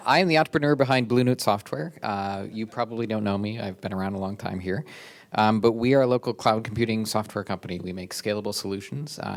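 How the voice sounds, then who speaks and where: Male entrepreneur, lowish voice, loose hesitant introduction with lots of fillers. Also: creaky. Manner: informal, with many ums and uhs. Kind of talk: casual stage introduction.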